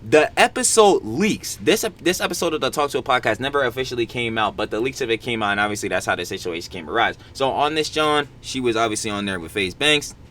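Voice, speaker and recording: A young man giving casual, slangy commentary as the host of a reaction channel. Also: mid-range voice. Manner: slangy, fast and animated.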